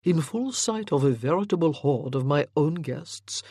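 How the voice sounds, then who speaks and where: A suave nobleman with a mocking charm, as an audiobook reader puts him on, a worldly rake who plays his words slowly and teasingly. The voice sits in a middle register and sounds dry and close. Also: medium pitch, lively intonation, mellow, husky, dry recording. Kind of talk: audiobook character reading.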